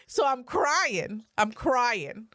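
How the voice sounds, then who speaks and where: A woman's voice: fairly high pitch, very animated, very slow, a bit bright, no room sound, shouting. A woman in her thirties co-hosting a podcast, talking bluntly and animatedly in casual conversation. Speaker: podcast co-host.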